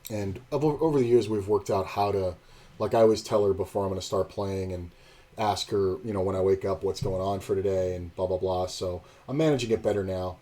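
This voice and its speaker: A man's voice: low voice, fairly even intonation, a little fast, mellow. A man streaming poker and telling a rambling, blunt, profane story in casual chat.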